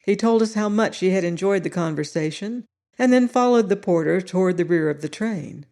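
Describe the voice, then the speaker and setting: A woman reading a story aloud as an audiobook narrator, steady and unhurried. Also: on the low side.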